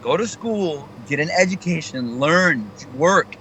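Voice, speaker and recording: Energetic high-voiced male comedian. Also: unhurried, a little hiss or hum, low-quality recording. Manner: energetic, animated, motivational. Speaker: comedian guest. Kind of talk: casual radio interview chat.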